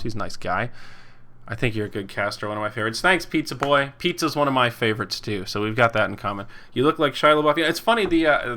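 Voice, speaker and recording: With a bright, forceful, medium-pitched voice, a young esports caster in his twenties hosts a laid-back podcast. He goes through live chat comments, chuckling, rambling, and performing the voices of those he quotes.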